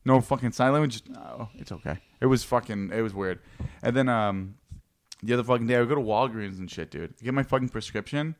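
A man's voice: medium pitch, quick pace. A young man co-hosting a podcast, telling rambling stories full of swearing. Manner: rambling storytelling, heavy swearing. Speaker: podcast co-host. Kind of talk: casual profane chat.

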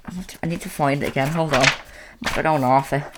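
A teenage podcast host chatting casually, rambling with lots of restarts, close on a boom mic. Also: fairly even intonation, fast talker, noisy background. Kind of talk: casual chat. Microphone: boom mic on a stand.

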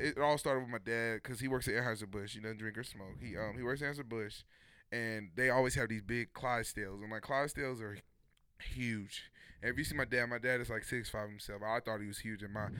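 Animated young man telling a story. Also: mid-range voice, smooth. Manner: animated, laughing, acting out quotes. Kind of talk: casual storytelling chat.

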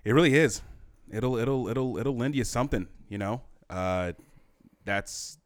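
A man's voice: medium pitch, a little slow, no room sound. A young man co-hosting a podcast, laid-back and chatty, often repeating himself as he searches for words. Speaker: podcast co-host. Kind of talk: casual chat.

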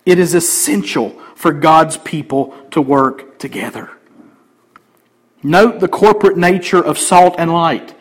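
A man pastor preaching a sermon emphatically, swinging between loud declarations and quiet asides. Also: on the high side, a little slow, poor audio.

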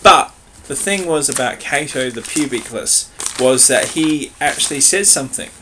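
A man's voice: mid-range voice, expressive, moderate pace, pushed and bright, a little hiss or hum. A man joking crudely in a casual chat, putting on mock voices and giggling. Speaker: podcast host. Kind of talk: comedic banter.

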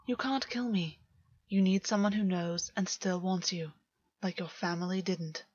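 A cunning fae man with a soft, mocking croon that often sinks to a hush, as a woman puts him on. The voice has a dry, dull, lo-fi sound. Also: fairly low pitch, steady tone, measured pace, husky, no room sound. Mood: intimate whisper.

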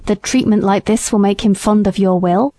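Woman reading a stern gentleman. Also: mid-range voice, fairly even intonation, normal speed, no echo, natural voice. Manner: grave, reproving. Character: stern, principled gentleman horse owner.

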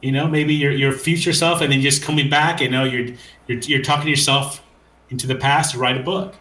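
A man's voice: mid-range voice, fairly even intonation, fairly quick, bright, forceful tone, reverberant, low-quality recording. A man hosting a casual conversation, enthusiastic and rambling, with frequent hesitations.

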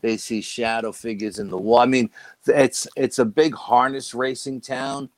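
A man's voice: mid-range voice, moderate pace, dry recording, low-quality recording. A man, a guest on the show, telling a story casually and acting out the dialogue with "I go" and "she goes". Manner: animated retelling that quotes dialogue with "I go" and "she goes". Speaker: guest recounting a paranormal investigation.

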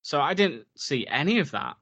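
A man's voice: a little high, big pitch swings, normal speed, a bit bright. A man, casually chatting about films as a podcast co-host, rambling with lots of fillers and reading facts aloud. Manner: laid-back, rambling with many "like"s, reads facts aloud. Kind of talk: casual film chat.

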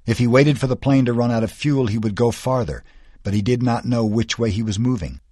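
A man's voice: mid-range voice, fairly quick, warm tone, dry recording, studio quality. A man narrating an audiobook in a tense, dramatic storytelling manner.

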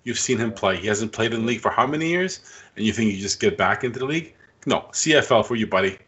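A man's voice: lowish voice, lively intonation, a bit bright. A man co-hosting a podcast in casual sports chat, blunt and opinionated. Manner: blunt, opinionated, quick dismissive jabs. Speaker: podcast co-host.

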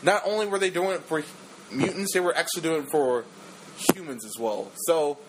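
Brief: young male podcast co-host, loose and jokey, slightly high voice, faint noise behind. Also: a little fast. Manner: animated, rambling, jokey. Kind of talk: casual movie review chat.

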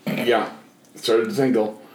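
A man's voice: mid-range voice, level tone, takes it slowly, a little mellow, echoey room, poor audio. A man co-hosting a podcast, telling a rambling story with lots of fillers in casual chat. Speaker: podcast co-host.

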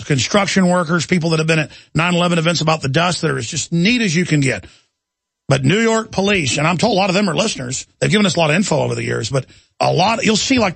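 Gravelly, ranting man. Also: fairly high pitch, a bit bright, no echo. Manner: indignant, ranting storyteller. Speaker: talk radio host. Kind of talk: talk radio monologue.

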